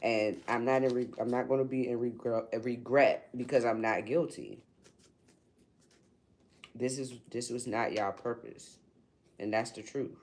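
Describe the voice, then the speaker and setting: A woman spiritual reader ranting on her livestream, blunt and profane, swinging from low muttering to loud, high-pitched outbursts. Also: steady tone, measured pace, pauses often. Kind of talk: unscripted livestream rant.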